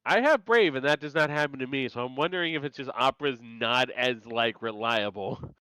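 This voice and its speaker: A man's voice: medium pitch, fairly quick, sharp tone, smooth, no echo, poor audio. A man co-hosting a podcast, chatting casually about a TV episode, often repeating words as he jokes. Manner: stammers and repeats words, dry joking. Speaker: podcast co-host. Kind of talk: casual chat recapping a TV episode.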